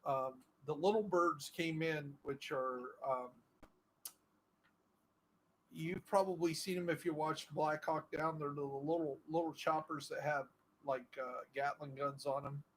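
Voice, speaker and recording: A man's voice: on the high side, fairly even intonation, measured pace, a bit bright, slight background noise, poor audio. Rambling man telling war stories while gaming. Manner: rambling, full of fillers and restarts. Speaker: gaming streamer. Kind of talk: casual storytelling while playing a game.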